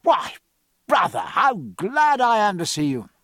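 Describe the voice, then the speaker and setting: A bluff, booming naval captain, voiced by a man reading a novel aloud. His speech swings up and down with lively energy, over a slightly husky tone. The sound is close and dry. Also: moderate pace, dry recording, exaggerated voice. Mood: hearty. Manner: bluff, booming, old-fashioned sailor's talk.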